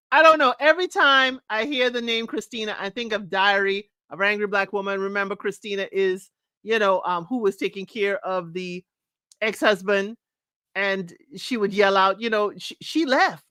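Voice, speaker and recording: A woman hosting a live reality-show recap, sassy and animated, laughing often and mimicking the cast. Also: mid-range voice, normal speed, clean tone, no room sound. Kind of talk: live recap chat to viewers.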